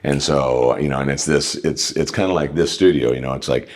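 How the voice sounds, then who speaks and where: A man's voice: very deep voice, a little fast. A man being interviewed in a studio, telling long anecdotes and acting out the dialogue of the people in them. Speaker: guest. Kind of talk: casual storytelling interview. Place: podcast studio.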